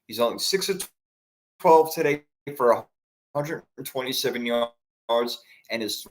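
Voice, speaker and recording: A man hosting a podcast, calling a football game play by play in a casual, excited, fan-partisan way. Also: mid-range voice, unhurried, long pauses. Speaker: podcast host doing play-by-play. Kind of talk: amateur play-by-play commentary.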